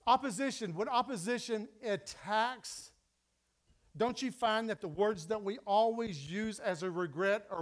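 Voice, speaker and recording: A middle-aged man preaching a sermon as pastor, emphatic and repeating his key phrases. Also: high voice.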